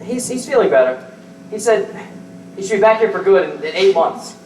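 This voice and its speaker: A woman's voice: medium pitch, animated, moderate pace, a little mellow, a little hiss or hum, natural voice. A woman on a school stage playing an awkward teenage grandson who is eager to please and stumbles over his words, taken from a distant, echoey stage recording. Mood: nervous. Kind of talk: amateur stage acting.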